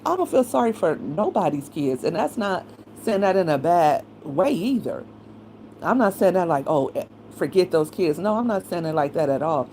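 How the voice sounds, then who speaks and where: A woman's voice: lowish voice, lively intonation, normal speed, mellow, slight background noise, poor audio. A middle-aged woman, talking bluntly and casually as she gives her opinions on her commentary channel.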